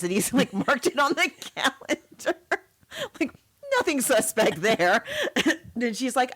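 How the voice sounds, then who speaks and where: A woman co-hosting a casual podcast who talks animatedly, laughs often and mimics characters in a high voice. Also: very animated, unhurried, fairly bright tone, breathy edge. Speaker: podcast co-host. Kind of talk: casual chat.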